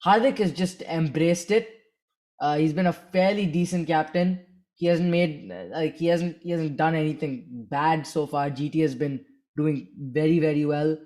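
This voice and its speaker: A man's voice: fairly high pitch, normal speed, a little mellow. A man co-hosting a cricket podcast, talking in a rambling, hesitant way as he searches for words. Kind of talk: casual sports chat.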